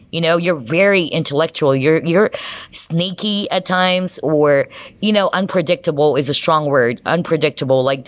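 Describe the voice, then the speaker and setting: A woman's voice: deep voice, dry recording. A woman giving a pick-a-card tarot reading to camera, enthusiastic and chatty, often breaking into exclamations and checking in with the viewer. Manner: enthusiastic, excitable, frequent exclamations.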